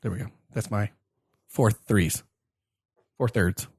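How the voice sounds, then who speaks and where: A man's voice: fairly low pitch, slow, a little mellow, husky, dry recording. A man co-hosting a casual sports podcast, playful in his banter. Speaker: podcast co-host. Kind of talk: casual chat.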